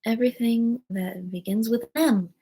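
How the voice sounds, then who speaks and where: A woman voicing a sleepy, feeble male dormouse in a storybook, with a hoarse whispered voice and a drowsy, sulky manner. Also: on the high side, unhurried, mellow, soft background music. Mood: storytelling.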